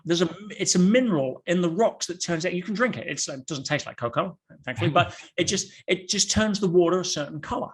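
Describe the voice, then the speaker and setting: A man talking as a guest on a podcast, telling stories in an animated way with rhetorical questions and quick restarts. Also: on the high side. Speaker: podcast guest, motivational speaker. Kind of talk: podcast conversation.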